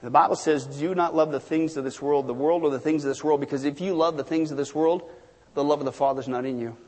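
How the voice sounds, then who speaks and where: A man preaching a sermon as pastor, animated, swinging between sudden shouts and hushed asides, in a church sanctuary. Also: fairly high pitch, fast talker. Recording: long reverb of a large hall.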